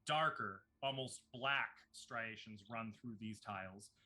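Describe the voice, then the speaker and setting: A man running a tabletop role-playing game, narrating scenes and explaining rules in a relaxed, descriptive way. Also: fairly low pitch, takes it slowly. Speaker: game master.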